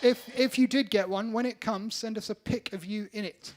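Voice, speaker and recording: A man's voice: high-pitched, fairly even intonation, moderate pace, faint music behind. A man, a band member, bantering on a livestream, teasing his bandmate and laughing often. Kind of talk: casual chat on a livestream.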